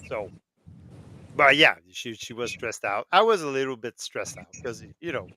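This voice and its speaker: A man's voice: medium pitch, lively intonation, moderate pace, sharp tone, a little hiss or hum, low-quality recording. A man who is a father, chatting casually and stumbling over repeated words. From Canada. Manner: repetitive, stumbling restarts. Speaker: podcast co-host. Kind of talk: casual chat.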